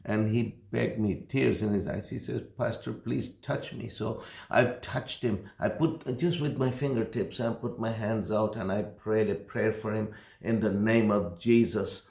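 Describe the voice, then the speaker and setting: A pastor telling a personal story in a sermon, earnest and rambling, building in intensity. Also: male voice, fairly low pitch, measured pace, creaky, darkish tone, reverberant.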